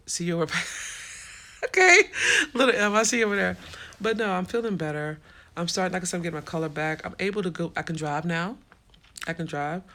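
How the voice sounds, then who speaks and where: With a deep, gravelly voice, a woman runs a relaxed livestream and talks straight with her viewers about their comments, street-smart and unafraid to swear.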